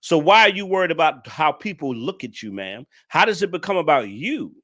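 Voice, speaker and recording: A man's voice: a little high, very animated, a little fast, a bit bright. A man hosting a casual reaction commentary, exasperated and emphatic, talking straight to his viewers. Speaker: channel host reacting to a clip.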